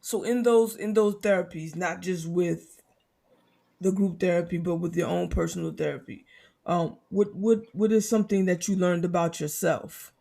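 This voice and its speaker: A man hosts a podcast interview in a gentle, halting way, often repeating words as he feels his way into each question. His voice sits high for a man and has a gravelly edge. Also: steady tone. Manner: gentle, hesitant, repeats words while asking. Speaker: podcast host. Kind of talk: interview conversation.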